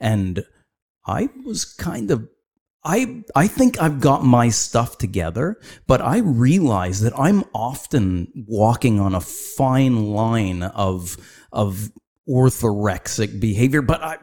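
A man's voice: medium pitch, takes it slowly. A man in his fifties, a fitness trainer hosting a casual talk, who tells stories animatedly and imitates other people. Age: 50s. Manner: animated, mimics other people's voices when telling stories. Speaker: podcast host and fitness trainer. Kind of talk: casual conversation.

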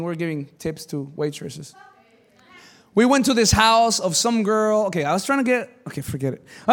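A man with a high voice preaches to a church congregation. He tells a personal story in an animated, joking way, bursting into loud exclamations and then dropping to quiet, serious asides. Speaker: pastor. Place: church service before a congregation.

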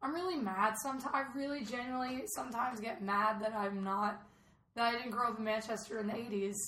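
A woman from Georgia chatting casually on a podcast, animated and quick with asides. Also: a little high. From Atlanta, Georgia. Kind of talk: casual chat. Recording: roomy echo, faint noise.

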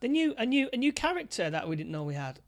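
A man chatting casually about a film he watched, talking in halting bursts with frequent restarts. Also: very high voice, big pitch swings, dry recording, clean studio sound.

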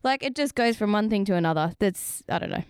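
A woman's voice: medium pitch, lively intonation, quick pace, clear, resonant tone, no echo, studio quality. A woman, a podcast guest who gives blunt, dismissive opinions. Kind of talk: casual review chat.

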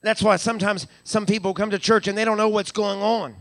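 Speaking briskly in a high, level, fairly bright voice, a male pastor delivers a live sermon in a church sanctuary. Words tumble out in stammered repeats as he builds, hallelujahs ring out, and his accent is Western Pennsylvania. There's no room sound.

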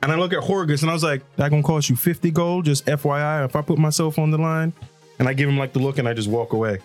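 A man's voice: fairly high pitch, fast talker, soft background music. Joking man at a tabletop game. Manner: joking, laughs often. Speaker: player. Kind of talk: casual chat playing a tabletop game.

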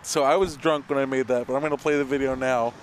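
A man's voice: medium pitch, steady tone, fast, noisy background. A man hosting a podcast who tells crude jokes and stories in casual banter. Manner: crude, joking storyteller. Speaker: podcast host.

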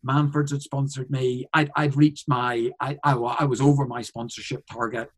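A man's voice: mid-range voice, flat delivery, moderate pace, poor audio. A man, a comedian, telling a story in a casual interview, rambling with frequent restarts and fillers. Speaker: guest, comedian.

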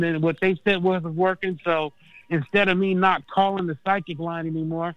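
Profane, animated man, high voice. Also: normal speed, smooth, dry recording, lo-fi sound. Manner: animated, profane, says man and dude constantly. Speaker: phone-in guest. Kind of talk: casual storytelling chat. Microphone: phone line.

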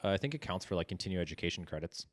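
Low-voiced young man, casual swearing chat. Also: very fast, no echo, clean studio sound. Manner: swearing, animated storytelling with acted quotes. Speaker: podcast co-host.

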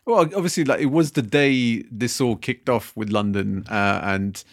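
A man co-hosting a podcast in casual chat, relaxed and teasing, talking in quick bursts with fillers. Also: on the low side. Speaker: podcast co-host.

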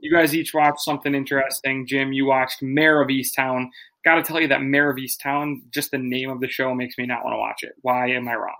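A man's voice: mid-range voice, level tone, a little fast, sharp tone, low-quality recording. A man hosting a podcast, joking around and leading the segments in casual chat. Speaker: podcast host.

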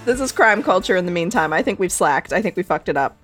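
Jokey low-voiced woman podcaster. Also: animated, quick pace, faint music behind. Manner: jokey, rambling, laughs often. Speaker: podcast co-host. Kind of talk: casual chat.

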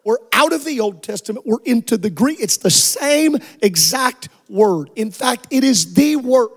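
High-voiced, slow-preaching male pastor. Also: expressive. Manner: preaching with shouted, sung-out passages. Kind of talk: sermon.

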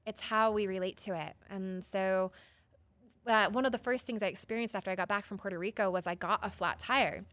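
Expressive woman therapist, dry sound. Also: medium pitch, a little fast, no echo. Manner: expressive, acts out quoted voices, many "like" and "right?". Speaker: psychotherapist guest. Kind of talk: storytelling in an interview.

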